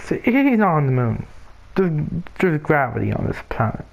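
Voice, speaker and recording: A young man commenting on his own gameplay, mocking himself and swearing, with loud outbursts between slow muttering. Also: a little high, big pitch swings, vocal fry. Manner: self-mocking, swears often, bursts into loud shouts. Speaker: let's player.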